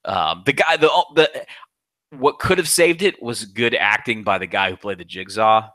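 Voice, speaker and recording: A man co-hosting a casual movie chat, excitable and profane, often stumbling and restarting. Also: lowish voice, normal speed, no room sound. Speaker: podcast co-host.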